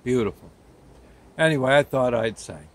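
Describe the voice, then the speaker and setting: A man's voice: mid-range voice, expressive, normal speed. A man from New Jersey telling a childhood memory in a folksy, rambling storytelling way. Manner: folksy, rambling, with plain homespun words. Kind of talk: casual spoken storytelling.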